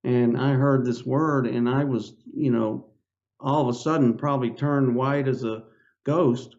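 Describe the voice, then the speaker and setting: An older man, a podcast guest, telling a personal story in a casual, halting way, with lots of filler words. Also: mid-range voice, fairly even intonation, darkish tone. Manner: rambling, halting, with many "you know" fillers. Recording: slightly dull lo-fi audio.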